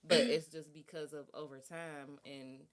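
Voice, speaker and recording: A woman's voice: low voice, fairly even intonation, measured pace, a crowd in the background. A woman guest on a casual podcast chat, explaining her view thoughtfully and at length.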